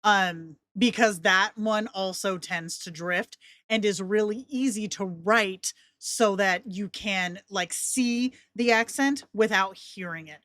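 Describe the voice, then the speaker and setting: A woman walks viewers through a casual screen-share tutorial in a chatty, rambling way, laughing often. Her voice is mid-pitched, and the sound is dry and close. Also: slow, hardly any pauses, fairly bright tone, no echo. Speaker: tutorial host.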